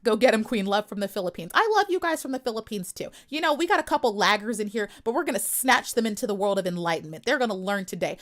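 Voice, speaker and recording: A woman's voice: mid-range voice, animated, quick pace, few pauses. A young adult woman from the United States hosting a live stream, talking back to critics in the chat in a sassy, confrontational way with emphatic repetition. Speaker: livestream host.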